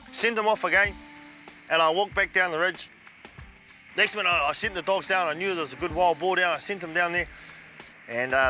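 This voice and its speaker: A man telling a hunting yarn in a lively, colloquial way. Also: sits high. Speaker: storyteller. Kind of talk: casual anecdote.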